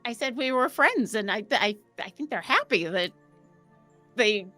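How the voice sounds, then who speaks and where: Excited woman playing a tabletop game. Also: fairly high pitch, unhurried, faint music behind. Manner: excited, laughing, talks through her character's actions. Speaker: player. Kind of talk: casual in-character play.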